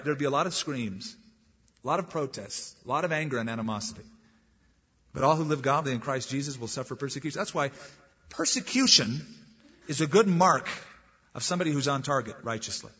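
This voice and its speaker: Male pastor, slightly high husky voice, emphatic sermon, dull recording in a big echoing hall. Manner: emphatic, swings between loud stresses and drawn-out slow words.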